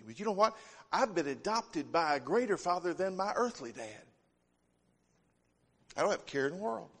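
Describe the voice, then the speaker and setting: A man's voice: high voice, lively intonation, moderate pace, a bit bright. A man preaching a sermon, telling homespun stories in a folksy way. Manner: folksy storytelling, homespun phrasing. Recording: long hall reverb.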